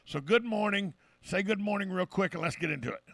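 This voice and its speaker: Gravelly, brisk talk radio host. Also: male voice, high voice, a bit bright, no echo. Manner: brisk, folksy, opinionated. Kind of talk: casual radio chat. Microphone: studio microphone.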